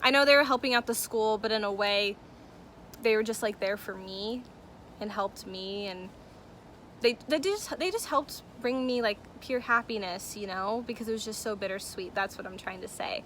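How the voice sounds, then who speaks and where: A woman's voice: mid-range voice, normal speed, a bit bright, a little hiss or hum. A young woman telling a personal story to her camera in a chatty, emotional way, with lots of fillers. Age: young adult. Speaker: vlogger. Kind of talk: casual story-time vlog.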